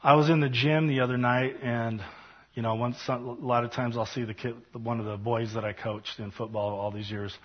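A man leading a Bible study and closing prayer, earnest and repetitive, with frequent fillers and soft trailing endings. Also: medium pitch, flat delivery, moderate pace, breathy edge, dull audio.

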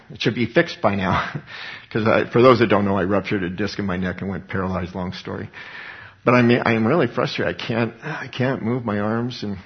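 Earnest, folksy man preaching. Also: on the low side. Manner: earnest, folksy, rising to emphatic bursts, restarts and soft laughs. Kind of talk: conversational sermon. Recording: slightly dull lo-fi recording.

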